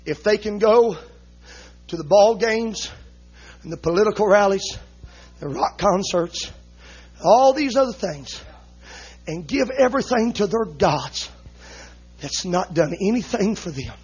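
A man preaching an impassioned, emotional sermon, shouting rhythmic lines and punctuating them with "uh, amen.". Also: high-pitched, animated, measured pace, pauses often, husky, muffled recording, soft background music. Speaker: visiting preacher.

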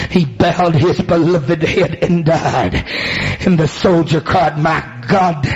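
A man preaching a sermon, building into loud shouted, chanted passages. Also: on the high side, husky, muffled recording.

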